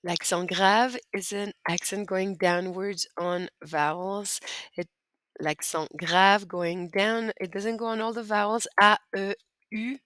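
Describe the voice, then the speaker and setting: A woman with a medium-pitched, fairly bright voice speaks slowly with fairly even intonation, and the recording has no echo. In a screen-recorded lesson, she teaches French by patiently walking students step by step through typing accent marks.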